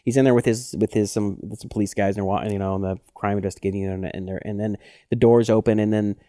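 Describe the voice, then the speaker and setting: A man co-hosting a podcast in casual chat, telling stories with lively acted-out quotes. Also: lowish voice, fast talker, no echo. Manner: animated storyteller who acts out quotes. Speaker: podcast co-host.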